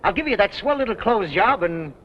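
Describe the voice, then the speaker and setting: A man's voice: high voice, animated, fairly quick. An actor playing a brash used car dealer with slangy salesman patter, in 1930s film acting. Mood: smooth-selling. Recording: dull old film soundtrack with faint hiss.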